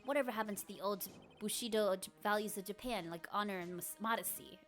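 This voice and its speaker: A woman voicing a grouchy, scolding old man as she reads video game dialogue aloud in a gruff, indignant rant. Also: medium pitch, quick pace, a bit bright, soft background music, lightly acted.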